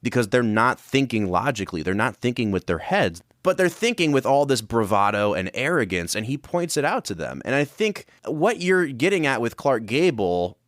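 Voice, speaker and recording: A man's voice: medium pitch, sing-song, normal speed, few pauses, fairly bright tone, dry recording, studio quality. A man co-hosting a film podcast, talking through his analysis in a thoughtful, casual way. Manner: thoughtful, analytical, building arguments. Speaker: podcast co-host.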